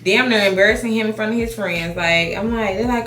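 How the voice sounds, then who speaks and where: Bright-voiced woman in her thirties, animated storytime. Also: medium pitch, brisk, reverberant, soft background music. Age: 30s. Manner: animated, swearing, restarts sentences. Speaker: beauty vlogger. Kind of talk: casual storytime while doing makeup. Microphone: compact camera mic.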